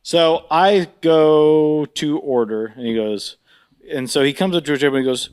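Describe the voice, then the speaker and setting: A man's voice: moderate pace, clear, resonant tone, no echo. A man co-hosting a podcast, telling a funny story in casual chat, laughing often and mimicking voices. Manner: animated, laughs often, mimics voices with big pitch jumps. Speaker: podcast co-host.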